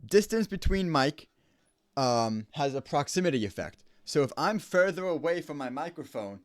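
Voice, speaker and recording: This audio engineer's voice sits on the high side and has a sing-song lilt at normal speed as he explains home recording up close to a studio microphone. He's casual, restates key points, and there's no room sound.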